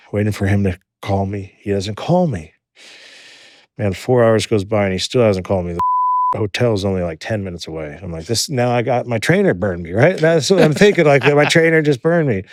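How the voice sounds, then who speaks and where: A man in his thirties, a podcast guest, telling a story in an animated way and acting out the dialogue. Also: fairly low pitch, a little fast, dry recording, studio quality. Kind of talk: storytelling in an interview.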